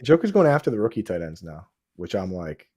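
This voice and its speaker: A man hosting a casual fantasy football podcast, talking excitedly, restarting sentences and calling his guest dude and bro. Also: low-pitched, a little fast, a crowd in the background. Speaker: podcast host.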